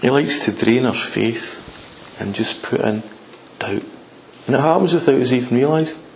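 A man preaching a sermon in an emphatic way, repeating his points and swinging between loud and hushed delivery. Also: medium pitch, normal speed, vocal fry, roomy sound, a little hiss or hum, rough recording.

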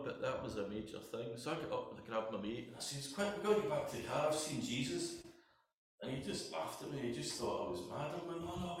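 Scottish man sharing a tearful testimony. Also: medium pitch. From Scotland. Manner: emotional storytelling, voice breaking into tears at times. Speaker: church testimony speaker. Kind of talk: personal testimony. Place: church hall. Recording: echoey hall, distant mic.

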